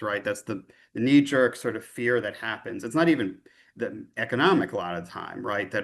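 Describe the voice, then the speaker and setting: A man's voice: lowish voice, normal speed. A man who leads a physician union, giving a conversational lecture over a video call in a loose, chatty way and often checking in with a tag question.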